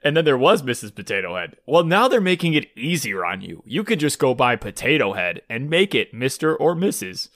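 A man's voice: medium pitch, sing-song, fairly bright tone. A man with a Michigan accent co-hosting a podcast in casual chat, talking with feeling and many stops and restarts. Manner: emotional, halting, many restarts. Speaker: podcast co-host.

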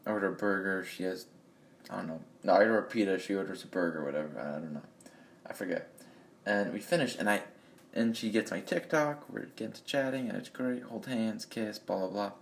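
A man's voice: fairly low pitch, normal speed, vocal fry. A man ranting bluntly and profanely in a rambling monologue, recorded on a phone in an echoey room. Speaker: vlogger.

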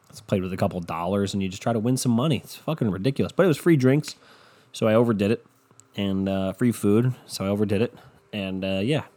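A man's voice: on the low side, darkish tone. A man hosting a casual solo podcast, rambling and swearing, with a runny nose. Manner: rambling, profane, self-deprecating. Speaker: podcast host. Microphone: podcast microphone.

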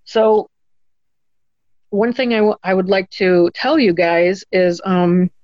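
A woman telling her own story in an interview, earnest and halting, often pausing on "um" and restarting her sentences. Her voice sits in an ordinary middle range. The recording is dry and a little dull, with no room sound. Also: medium pitch, a little mellow, no echo. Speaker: guest telling a personal story. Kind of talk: conversational storytelling.

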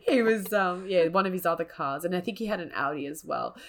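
A woman co-host tells a dating story in loose, animated chat, her voice sitting on the lower side. She laughs often and strings her thoughts along with plenty of fillers. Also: brisk, vocal fry. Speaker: podcast co-host.

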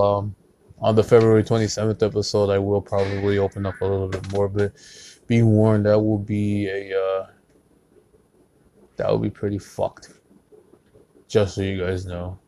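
A man's voice: lowish voice, little pitch movement, normal speed, long pauses, dark tone, a little hiss or hum. A man hosting his own podcast, rambling casually with lots of swearing and jokes. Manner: profane, rambling, joking, drinking beer on mic. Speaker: podcast host.

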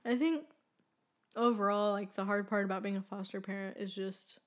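A young woman chatting on her podcast, earnest and talkative, with plenty of fillers and easy laughter. Her voice sits at an ordinary middle pitch. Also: steady tone, moderate pace. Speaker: podcast co-host. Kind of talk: casual chat.

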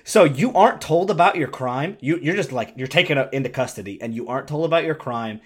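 A man's voice: medium pitch, lively intonation, fast talker. A young man in casual chat, rambling with lots of fillers and swearing.

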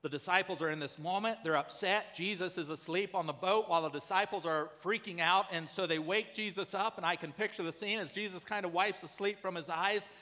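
Pastor guy preaching, bright tense voice, bit high, big echoey church hall. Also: fairly quick, few pauses. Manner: conversational preaching, rising to urgent emphasis. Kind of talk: sermon.

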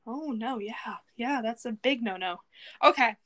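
A young woman co-hosting a podcast in casual chat, animated and playfully indignant. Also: on the high side, unhurried. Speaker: podcast co-host.

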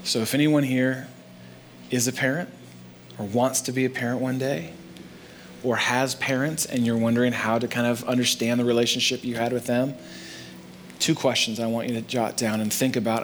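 A man's voice: medium pitch, steady tone, fairly quick, slight background noise. A man preaching as pastor in a church, earnest and conversational. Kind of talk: sermon. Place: church sanctuary.

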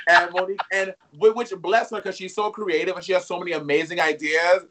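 A man talking as a guest on a casual chat show, candid and expressive, rambling through his stories. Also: high voice, fast talker, few pauses, background noise.

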